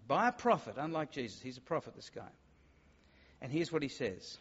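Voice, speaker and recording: A man's voice: medium pitch, big pitch swings, a little fast, husky. A man preaching a sermon, emphatic, sometimes acting out the voices of doubters. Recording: dull sound with long hall reverb.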